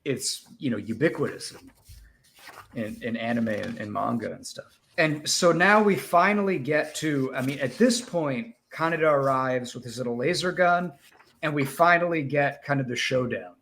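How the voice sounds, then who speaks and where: A man co-hosting a casual podcast chat, enthusiastic and given to quick acted quotes. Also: mid-range voice, expressive, gravelly, a bit bright. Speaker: podcast co-host.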